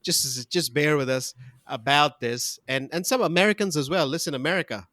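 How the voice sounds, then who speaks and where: A man's voice: a little high, normal speed, sharp tone, no echo, clean studio sound. A man hosting a comedy podcast, ranting and joking in casual chat. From New Zealand. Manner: ranting, jokey, puts on voices. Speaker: podcast host.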